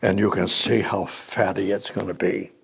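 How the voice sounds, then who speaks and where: A male preacher with a gravelly, husky voice, delivering a sermon. He repeats words for emphasis and climbs from quiet reading into excited, rising bursts. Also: sits low, moderate pace.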